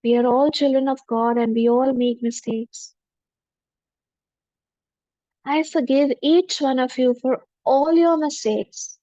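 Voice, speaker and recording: Lady leading a meditation, soft humble repeating lines, highish voice, kinda lo-fi dry sound. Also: steady tone, unhurried, no echo. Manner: gentle, humble, repetitive affirmations. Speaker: spiritual teacher. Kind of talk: guided forgiveness meditation. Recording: dull lo-fi dry recording.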